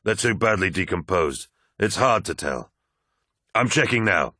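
Man doing a wary armoured officer, low, steady, very deep, dry, audiobook. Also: a little slow, slightly rough, dry recording, exaggerated voice. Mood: tense. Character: grim armoured warrior officer, adult male, wary.

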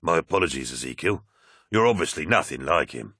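A man voicing a dry-witted warrior officer with a deadpan, teasing delivery, in an audiobook reading. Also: extremely low pitch, moderate pace, breathy edge, dry recording, heavily acted.

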